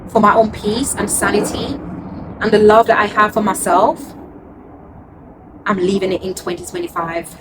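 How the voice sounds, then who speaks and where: A woman's voice: medium pitch, flat delivery, moderate pace, long pauses, noisy background. A woman, telling a heartfelt personal story to her viewers in an earnest way and repeating words for emphasis. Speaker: vlogger.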